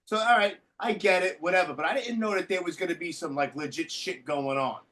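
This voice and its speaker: A podcast host with a high-sitting voice talks a little fast, spinning stories in casual chat. He's an animated storyteller who swears freely and often.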